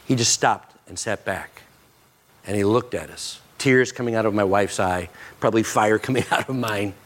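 A middle-aged man and pastor giving an earnest sermon, often dropping soft and slow for emphasis. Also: on the low side.

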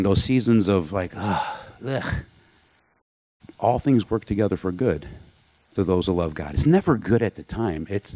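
A man's voice: medium pitch, a little mellow, dry recording. A man preaching a sermon in a candid, conversational way, with asides and rhetorical questions. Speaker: pastor.

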